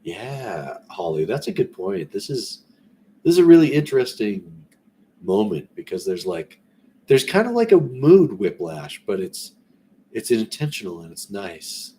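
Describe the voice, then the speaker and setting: A man reading a classic story aloud in a relaxed way, breaking off now and then for rambling, conversational asides. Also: low-pitched, a little slow, slightly rough. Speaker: story reader.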